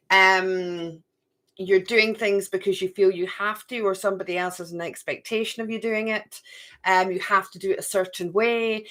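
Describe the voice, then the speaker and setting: A woman's voice: medium pitch, a bit bright. A middle-aged woman giving a live card reading to viewers. She chats, talks to herself and repeats phrases. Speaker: card reader.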